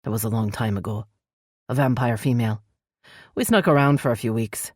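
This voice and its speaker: A brooding male elf heir, gruff and curt, growling out his words, as a woman narrator puts him on. The voice sits very low and is dry and close, an audiobook read. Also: brisk, a little mellow, no echo. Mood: stern. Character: brooding male elf crown prince, stern.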